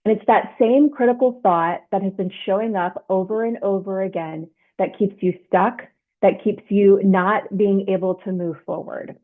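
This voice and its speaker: A woman's voice: mid-range voice, fairly even intonation, moderate pace. A woman leadership coach giving an instructional self-help talk, explaining step by step and often checking in with "right?". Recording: tinny phone-like sound.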